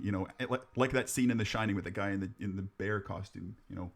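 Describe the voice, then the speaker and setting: A man's voice: on the low side, quick pace, gravelly. A man co-hosting a podcast, telling ghost stories in casual, rambling chat, joking, swearing and laughing at his own jokes. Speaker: podcast co-host.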